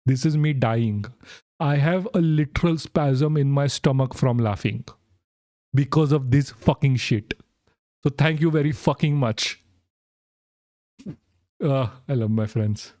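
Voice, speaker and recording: A man's voice: mid-range voice, unhurried, pauses often, dark tone, no echo, clean studio sound. A young man streaming and reacting to a clip, giggling and swearing as he chats with his viewers. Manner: giggly, swearing, laughing through words. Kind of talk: casual reaction stream chat.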